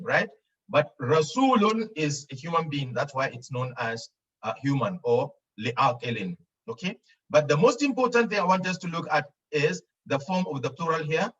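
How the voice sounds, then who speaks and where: Slow-talking male Arabic teacher, distant mic. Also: a little high, fairly bright tone, breathy edge, lo-fi sound. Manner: patient, repeats phrases for students to echo. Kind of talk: online language lesson.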